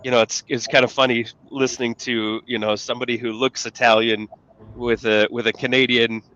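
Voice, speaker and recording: A man's voice: mid-range voice, flat delivery, fairly quick, sharp tone, muffled recording. A middle-aged man co-hosting a podcast, joking and rambling with plenty of fillers and restarts. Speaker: podcast co-host. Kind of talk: casual podcast conversation.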